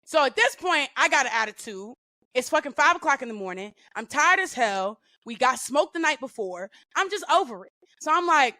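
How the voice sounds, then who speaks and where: A woman guest on a podcast, telling stories in a casual, profane and animated way with lots of slang. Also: high voice, normal speed, dry recording. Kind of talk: casual storytelling.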